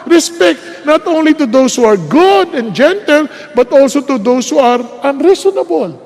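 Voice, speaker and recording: High-voiced Filipino preacher in a hall. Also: male voice, expressive, moderate pace, a little mellow. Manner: switches between English and Tagalog, asks rhetorical questions; emphatic, stresses key words. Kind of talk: sermon.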